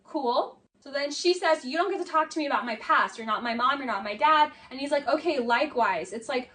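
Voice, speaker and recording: A woman with a high voice picks apart a reality show in casual, sarcastic commentary, leaning on "like" again and again. She sounds exasperated. Her mic is a bit far off. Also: expressive, a little fast, few pauses, fairly bright tone. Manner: sarcastic, exasperated, many "like" fillers. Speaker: video essay commentator.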